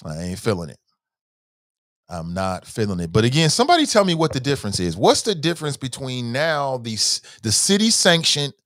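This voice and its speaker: A man's voice: fairly low pitch, no room sound, clean studio sound. A man hosting a news commentary show, talking straight to his viewers in a conversational way, moving between joking asides and heavy emotion. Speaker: show host.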